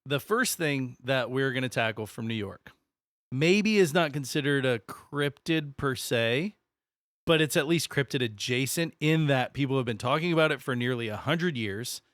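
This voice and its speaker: A man from the American South co-hosting a casual podcast, talking loosely and swearing freely. His voice sits at an ordinary middle pitch, recorded close and dry. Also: expressive, moderate pace, fairly bright tone, no room sound. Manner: rambling, swears, self-correcting. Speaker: podcast co-host. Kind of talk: casual chat.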